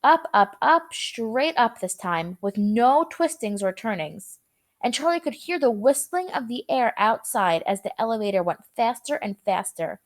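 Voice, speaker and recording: A woman's voice: on the high side, sing-song, a little slow. A young woman teacher reading a chapter aloud to her students and explaining words in a casual, chatty way.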